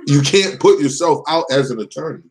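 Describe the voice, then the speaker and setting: A man's voice: on the high side, animated, brisk, poor audio. A man hosting a live call-in show, ranting heatedly and cursing often. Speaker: show host.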